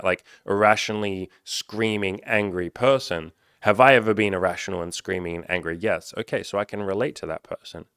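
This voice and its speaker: A man's voice: lowish voice, fairly bright tone, smooth, dry recording, studio quality. A man talking as a coach in a candid self-help monologue, frank and reflective, swearing freely.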